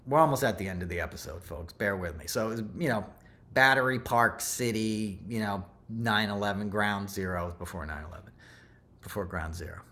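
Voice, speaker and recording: Fairly low-pitched and fairly quick, his voice sounds pushed and bright. The middle-aged podcast host rambles through a casual story, piling on asides and correcting himself along the way.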